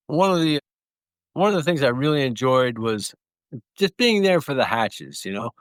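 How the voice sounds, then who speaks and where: A man's voice: medium pitch, sing-song, normal speed, dry recording. A man telling stories in an interview, rambling through anecdotes with small restarts. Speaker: guest clownfish breeder. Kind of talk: relaxed storytelling.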